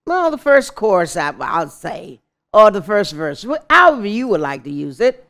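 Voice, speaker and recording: A woman storyteller telling a folk tale to children, speaking in a slow, inviting way and leading call-and-response. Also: medium pitch, big pitch swings, clean tone.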